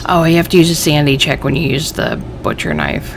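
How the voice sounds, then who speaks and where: A woman's voice: deep voice, sing-song, brisk, creaky, background noise. A woman hosting a let's play, thinking aloud and reading game text aloud, easily irritated by the game. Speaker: gaming channel host.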